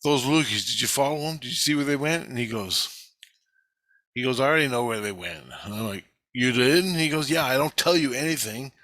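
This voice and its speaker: A man tells a long, rambling first-person story, swearing heavily and growing more agitated as he goes. His voice is bright and forceful, and he quotes the people in his story without changing his own voice. The recording is dry and close. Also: medium pitch, brisk, dry recording. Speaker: vlogger recounting experiences.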